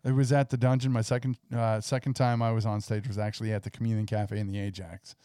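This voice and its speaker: A man's voice: fairly low pitch, flat delivery, fast talker, mellow, no echo, studio quality. A man co-hosting a casual podcast who reads out news items and laughs along with the jokes. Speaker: podcast co-host.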